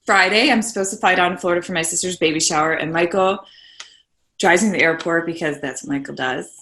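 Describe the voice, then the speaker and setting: A woman's voice: lowish voice, fast talker, sharp tone. Earnest woman telling a painful story. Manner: earnest, tags points with "right?". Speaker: podcast guest. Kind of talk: emotional personal storytelling. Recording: roomy echo.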